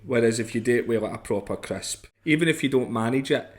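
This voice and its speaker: A man's voice: mid-range voice, fast talker. Scottish man rambling in casual chat. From Scotland. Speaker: podcast co-host.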